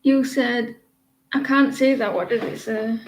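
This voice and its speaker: A woman reading tarot cards on a live stream, chatting with viewers and explaining the cards in a slow, halting way, with many fillers and restarts. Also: a little high, fairly even intonation, reverberant, a little hiss or hum, rough recording. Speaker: tarot reader.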